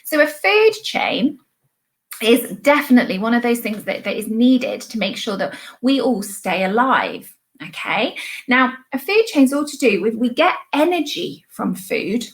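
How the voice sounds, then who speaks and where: A young woman, a primary school teacher, giving a recorded online lesson to young children with bright, encouraging, sing-song praise. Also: on the high side, big pitch swings, a little slow.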